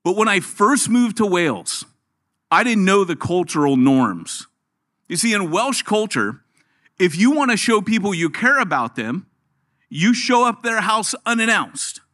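A man's voice: high-pitched, a little slow. A middle-aged man preaching a sermon in a church, telling jokes and stories as he goes. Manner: joking, storytelling, animated. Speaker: guest preacher.

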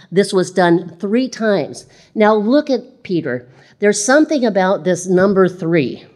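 A woman's voice: mid-range voice, animated, measured pace, a little mellow. A woman preaching a sermon in a conversational way, reading scripture aloud and repeating phrases.

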